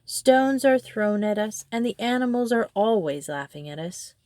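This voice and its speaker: A woman voicing a gentle, eager male mole who talks quickly. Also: on the high side, lively intonation, no room sound, pitched above the performer's own voice, natural voice.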